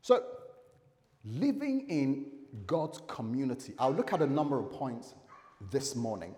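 Chatty, animated man preaching in a hall. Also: mid-range voice, measured pace. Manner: animated and chatty, with acted quotes and light humor. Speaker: pastor. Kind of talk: conversational sermon. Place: church service.

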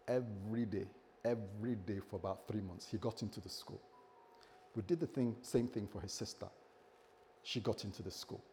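A middle-aged male pastor preaching to his congregation, telling a personal story with lively, self-mocking humor. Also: fairly low pitch, moderate pace, a little hiss or hum. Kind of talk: sermon. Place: church, speaking to a congregation.

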